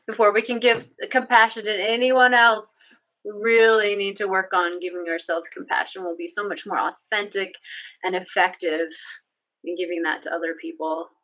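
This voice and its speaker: A woman in a book club discussion, speaking in a warm, affirming way. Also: medium pitch, fairly even intonation, moderate pace, muffled recording. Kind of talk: casual group discussion.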